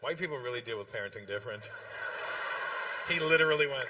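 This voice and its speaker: A middle-aged man doing stand-up, teasing audience members in quick back-and-forth crowd work. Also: medium pitch, expressive, background noise. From Canada. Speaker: stand-up comedian.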